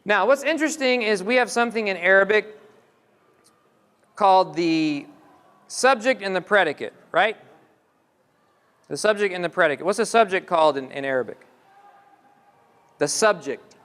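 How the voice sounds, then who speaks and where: A man's voice: high voice, normal speed, pauses often, a bit bright. A man giving a religious lecture, explaining step by step and asking the audience questions. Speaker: Islamic lecturer. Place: mosque hall. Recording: long hall reverb.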